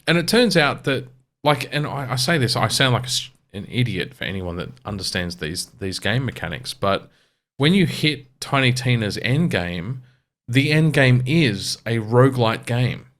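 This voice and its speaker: A man's voice: on the low side, fairly bright tone. An Australian man co-hosting a podcast, explaining a game at length in casual chat, with restarts. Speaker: podcast co-host.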